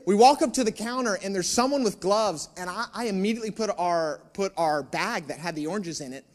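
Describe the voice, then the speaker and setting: A male pastor preaching, telling a personal story in an animated, self-mocking way with asides to the room. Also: sits high, fairly quick.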